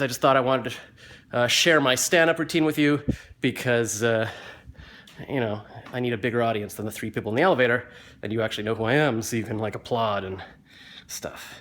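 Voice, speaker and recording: A man's voice: mid-range voice, slight background noise. Rambling self-mocking man on a phone. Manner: rambling, self-mocking, gets louder and livelier as the story builds. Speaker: vlogger. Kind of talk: casual storytelling. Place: indoors at home, just back from the gym. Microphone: phone held in hand, close to face.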